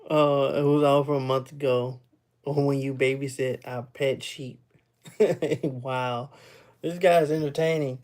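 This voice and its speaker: A young man with a rather high-pitched voice, chatting casually with viewers on a livestream and laughing often. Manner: laughs often, loose and playful, teases chat. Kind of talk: casual live chat.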